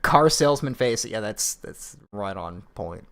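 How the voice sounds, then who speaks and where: A man's voice: lowish voice, lively intonation, measured pace, a bit bright. A man co-hosting a casual late-night stream, wry and teasing, laughing along with his partner. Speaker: co-host.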